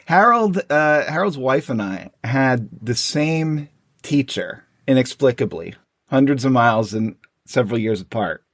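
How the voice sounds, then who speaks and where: A man in the middle pitch range co-hosts a podcast. He reads comic strips aloud with lively delivery and chuckles as he goes. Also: unhurried, no room sound, studio quality. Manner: chuckles often, animated reading. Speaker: podcast co-host. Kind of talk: casual chat, reading comic strips aloud.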